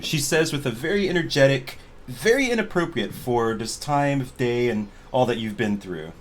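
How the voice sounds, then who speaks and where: A man narrating as game master of an online tabletop game, in an animated, chatty way. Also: mid-range voice, moderate pace. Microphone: video call.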